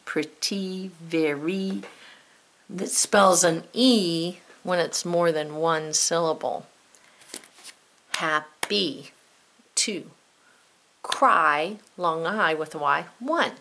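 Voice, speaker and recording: Slow gravelly woman teaching spelling. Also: lowish voice, sharp tone. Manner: playful, drawn-out, teasing asides. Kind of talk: spelling lesson for children.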